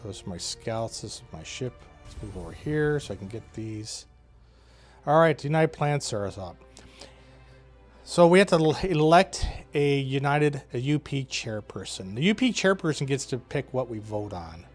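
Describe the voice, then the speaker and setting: A man talks through his moves in a space strategy game, musing aloud in a relaxed, wry voice full of "uh"s and quick laughs. His pitch sits in an ordinary middle register. Soft game music plays beneath him. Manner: thinking aloud, wry, with frequent "uh" and short laughs. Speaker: game developer playing his own game. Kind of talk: casual gameplay commentary.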